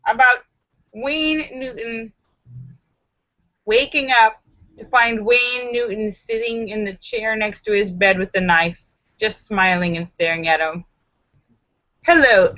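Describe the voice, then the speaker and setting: This live stream host reads jokes sent by viewers with theatrical flair, jumping into voices, shrieking on punchlines, laughing often and chatting on the side. Her voice sits on the high side with a sharp tone. The recording is dry, dull and lo-fi, from a computer microphone.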